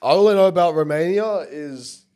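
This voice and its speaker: A man's voice: a little high, normal speed, darkish tone. A young man co-hosting a podcast in casual chat, swearing a lot and teasing, with many ums. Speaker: podcast co-host.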